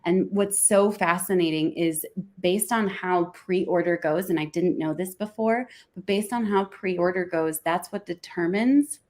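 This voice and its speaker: A woman author as a guest on a live stream interview, chatty and excited. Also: on the low side, a little slow.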